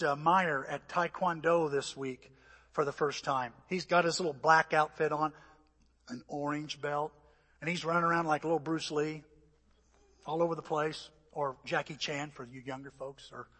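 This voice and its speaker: An older man preaching a sermon, telling stories animatedly and acting out voices and shouts, sounding a little out of breath. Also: fairly high pitch, husky. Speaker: pastor. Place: church. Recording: echoey church hall.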